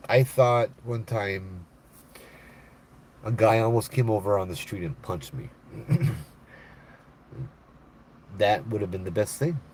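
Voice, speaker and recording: A middle-aged man with a Hawaiian Pidgin-tinged accent, chatting casually on a live stream and telling stories, laid-back and animated when he quotes people. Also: fairly low pitch, a little hiss or hum. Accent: Hawaiian Pidgin-tinged English. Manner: laid-back, animated when quoting others, laughs often. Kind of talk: casual live chat storytelling.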